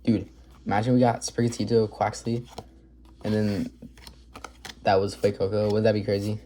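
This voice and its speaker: A man's voice: fairly low pitch, level tone, moderate pace, mellow, a little hiss or hum. A man hosting a casual card-opening video, upbeat and chatty, rattling off card names as he goes. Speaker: card collector video host. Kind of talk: casual pack-opening commentary.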